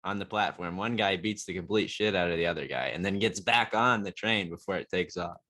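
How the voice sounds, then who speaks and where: Lachender Mann, heller Podcast-Gastgeber. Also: male voice, sits low, brisk, pushed and bright. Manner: laughs often, jokey and upbeat. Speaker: podcast host. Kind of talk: casual podcast chat.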